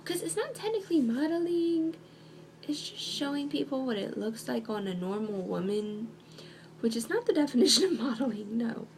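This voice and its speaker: A woman's voice: fairly high pitch, very animated, normal speed, slight background noise. A young woman talking in a casual video monologue at home, sarcastic and hesitant with many ums. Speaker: vlogger.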